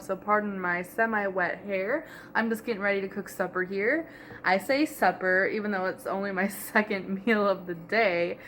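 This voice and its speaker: A woman's voice: medium pitch, a bit bright, slight background noise. A young woman vlogging in her home kitchen, talking casually into the camera mic in a rambling way and laughing often. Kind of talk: casual chat.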